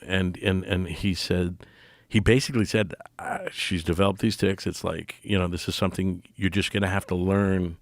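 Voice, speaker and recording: A middle-aged man talking as a podcast guest, earnest and halting, full of fillers and restarts. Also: deep voice, fairly even intonation, no echo. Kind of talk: casual podcast conversation.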